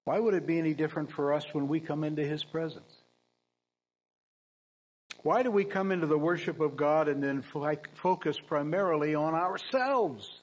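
A man preaching a sermon in a church, earnest and emphatic, with dry humorous asides and frequent throat-clearing. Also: a little high, normal speed, rough recording.

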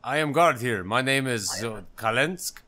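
A man's voice: on the high side, very animated, slow pace, breathy edge, pitched above the performer's own voice, full character voice. Give me a complaining border guard from a video game, talking in broken English, as a man puts him on. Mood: grumbling. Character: grumbling underpaid male border guard.

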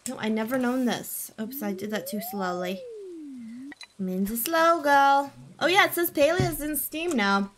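A young woman streams herself gaming, talking playfully to chat at a measured pace in a high-pitched, expressive, somewhat bright voice. She reacts with gasps, giggles and silly noises, and a bit of hiss or hum is audible.

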